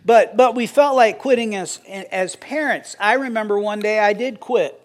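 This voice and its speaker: A man's voice: high voice, normal speed. A middle-aged man preaching a sermon as pastor, conversational and joking with the congregation.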